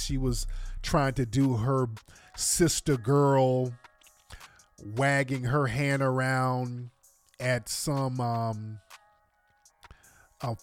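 An American man hosting a livestream with casual, slangy commentary. He sounds sarcastic and exasperated as he rambles through his points, with faint music behind him. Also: mid-range voice. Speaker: livestream host.

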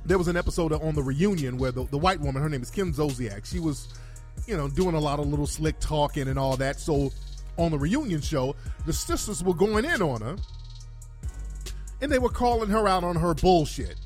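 A man's voice: fairly high pitch, animated, a little fast, a little mellow, faint music behind. A man giving a blunt, heated, profanity-laced reaction commentary as a vlogger.

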